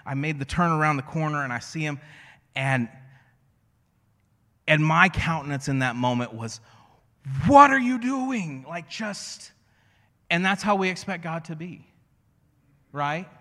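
A man preaching a sermon as a pastor, conversational and storytelling, slowing to a hush on key phrases. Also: fairly high pitch, big-room sound. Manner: conversational, storytelling with self-deprecating asides.

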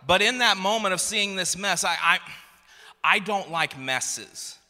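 A pastor in his thirties preaches a sermon in a high-sitting, expressive voice that sounds pushed and bright, speaking at a measured pace. He tells a funny family story, frequently restarting and repeating words. The recording carries the long reverb of a large hall.

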